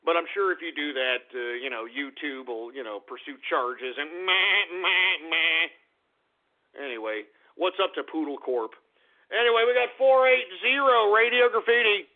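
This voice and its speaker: A man hosting a call-in radio show, ranting in exasperation and swearing, sometimes breaking into shouting. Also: on the high side, lively intonation, moderate pace. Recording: tinny phone-like lo-fi broadcast.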